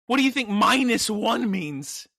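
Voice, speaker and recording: Lively, bright-voiced man chatting on a podcast. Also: sits high, measured pace, vocal fry, dry recording, clean studio sound. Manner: animated, laughing storyteller. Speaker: podcast co-host. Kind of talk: casual chat.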